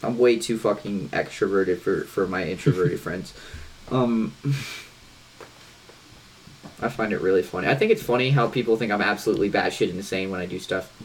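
A man with a Midwestern American accent, co-hosting a casual podcast chat, animated and swearing freely. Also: lowish voice, normal speed, slight background noise. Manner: animated, swearing, shifts voice up when quoting people. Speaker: podcast co-host.

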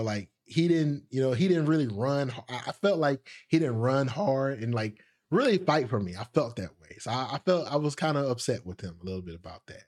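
Young man, podcast host, rambling casual storytelling, lots of fillers, mid-pitched voice. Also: darkish tone. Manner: rambling, filler-heavy, laughs at himself; acts out quoted voices higher.

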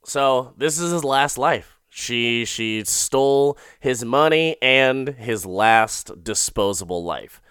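Bright, clear-voiced man recapping casually. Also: medium pitch, lively intonation, takes it slowly, few pauses, no echo, studio quality. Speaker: recapping a TV episode.

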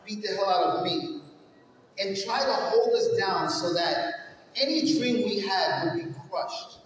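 A man from New York delivering an energetic motivational keynote speech, telling his life story and addressing the audience directly. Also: sits high, unhurried. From New York, USA. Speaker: keynote speaker. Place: large hall with stage. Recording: echoey hall, far from mic, faint noise.

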